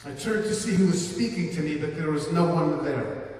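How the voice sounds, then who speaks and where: A male pastor giving an earnest sermon and personal testimony to an audience, slowing down for emphasis. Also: a little high, animated, darkish tone. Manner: earnest storytelling, slows for emphasis. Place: large hall before a live audience. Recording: echoey hall from far off.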